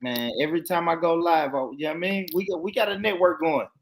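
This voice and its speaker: A man hosting a casual live stream, laid-back and laughing, rattling off shout-outs to viewers. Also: a little high, fast talker.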